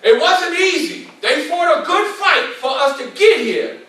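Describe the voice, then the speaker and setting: A man's voice: very high voice, animated, unhurried, bright, forceful tone. A man in his sixties giving a motivational speech, preacher-like and repetitive, talking straight to the audience. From New York. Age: 60s. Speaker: motivational speaker. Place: club meeting hall. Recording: echoey hall, mic at a distance.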